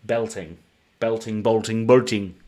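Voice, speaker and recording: A man's voice: fairly low pitch, steady tone, a little slow, mellow. A man with a British accent streaming live, chatting casually and reading card names aloud as he opens packs. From United Kingdom. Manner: chatty, reads card names in a running list.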